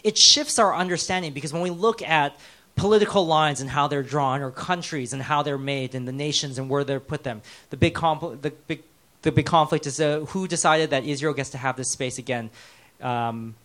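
American pastor preaching conversationally. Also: male voice, on the high side, normal speed. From United States. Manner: conversational, storytelling, swings from lively to hushed. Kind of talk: sermon.

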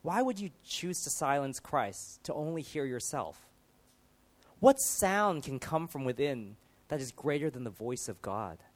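A man preaching a sermon, building through emphatic rhetorical questions and dropping to quieter moments. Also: mid-range voice, big pitch swings, unhurried.

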